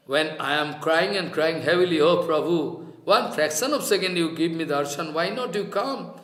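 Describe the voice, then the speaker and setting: A man giving a slow, reflective sermon, chanting Sanskrit verses and explaining them. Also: high-pitched, sharp tone. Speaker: spiritual teacher. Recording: roomy echo.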